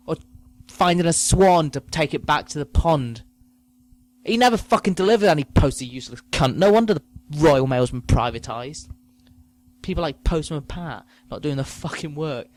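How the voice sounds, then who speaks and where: A man's voice: mid-range voice, expressive, normal speed. A man hosting a comedy podcast, ranting profanely about trivial things. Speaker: podcast host. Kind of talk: comedic rant.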